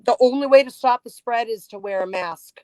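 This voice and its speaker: Halting woman podcast host on a call. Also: fairly high pitch, mellow, dry recording. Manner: halting, many restarts and fillers. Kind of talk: emotional casual chat. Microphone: remote call.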